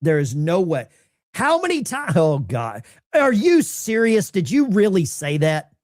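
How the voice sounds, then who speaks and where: Man with a lively, swooping delivery. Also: high-pitched, a little slow. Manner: animated, incredulous, talks to the chat. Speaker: independent political commentator. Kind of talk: live-streamed political commentary.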